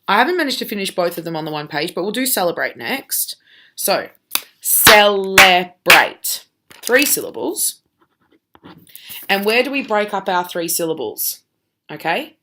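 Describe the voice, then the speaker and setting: A woman's voice: medium pitch, a bit bright. Patient woman sounding out phonics. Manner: patient, sounds out letters slowly, keeps checking with "okay?". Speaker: primary school teacher. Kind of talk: recorded phonics lesson for children.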